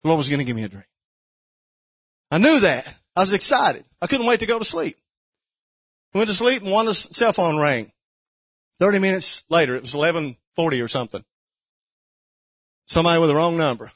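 A man preaching a sermon, fervent and building to shouts with repeated questions. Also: fairly high pitch, expressive, a little fast, long pauses.

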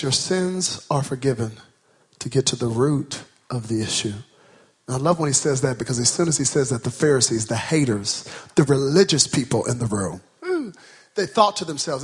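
A man preaching a sermon in a church, calling out to the congregation and rising into shouted, sing-song cadences. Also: mid-range voice, slightly rough. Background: soft music.

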